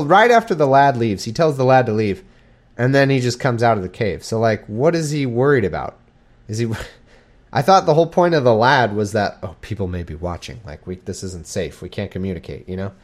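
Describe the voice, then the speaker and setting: A man reads old scripture aloud and keeps breaking off to make casual, irreverent jokes about it. His voice is mid-pitched and very lively, rising and falling a lot, and he chuckles at his own wisecracks. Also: normal speed. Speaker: scripture reader and commentator. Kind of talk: casual reading with joking commentary.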